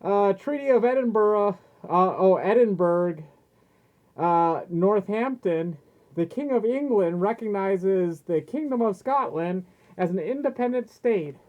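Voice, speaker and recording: A woman's voice: mid-range voice, lively intonation, measured pace. A woman casually reading history facts aloud, stumbling over names and laughing often. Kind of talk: casual chat reading from screen. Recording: tinny phone-like sound.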